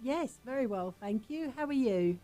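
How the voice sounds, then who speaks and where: A woman's voice: a little high, expressive, moderate pace, warm tone, soft background music. A woman with an English accent, a guest judge in a radio studio, who chats politely with callers and laughs easily. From England.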